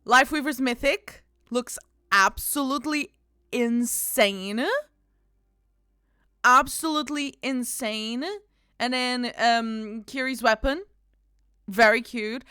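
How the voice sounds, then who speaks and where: A woman game streamer chatting casually with her viewers, bubbly and quick to laugh, calling people darling. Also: high-pitched, smooth, dry recording, clean studio sound. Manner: bubbly, bursts into loud panicked squeals and laughter. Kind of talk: casual live-stream chat.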